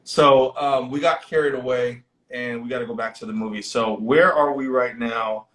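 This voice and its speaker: Animated cursing guy chatting horror movies on a live stream, roomy echo. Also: medium pitch, moderate pace. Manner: animated, profane, retells scenes with voices. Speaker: podcast host. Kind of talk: casual movie discussion. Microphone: livestream.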